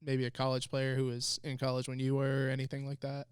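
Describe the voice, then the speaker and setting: A male podcast co-host with a smooth, resonant voice, chatting and laughing easily as he asks questions. The sound is dry and close to the mic. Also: mid-range voice, completely flat delivery, no room sound. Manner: laughs often, quick asides. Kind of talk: casual podcast chat.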